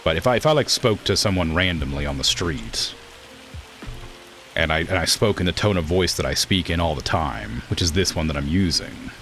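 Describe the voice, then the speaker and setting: Deep-voiced blunt young male streamer. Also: animated, normal speed, a bit bright, slight background noise. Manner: blunt, direct delivery that stresses words hard. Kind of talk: casual gameplay commentary.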